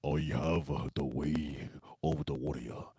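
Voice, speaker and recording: A man's voice: a bass voice, fairly even intonation, dark tone, breathy edge, dry recording, clean studio sound, voice pushed down, full character voice. A man putting on a cliché fake anime Japanese accent as a boastful martial-arts warrior. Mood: boastful threat. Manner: slow, pompous declamation.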